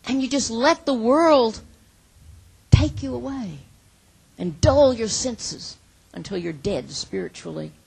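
A woman preaching a sermon in an earnest, emphatic way, acting out imagined prayers and dropping from loud to hushed. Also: fairly high pitch, expressive, takes it slowly, vocal fry, pauses often, breathy edge, poor audio.

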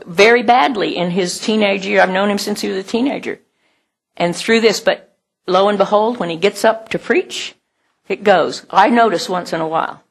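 Woman, middle-aged, pastor, sermon, conversational, breathy, laughs often. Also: medium pitch. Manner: conversational, laughs often, acts out quoted voices.

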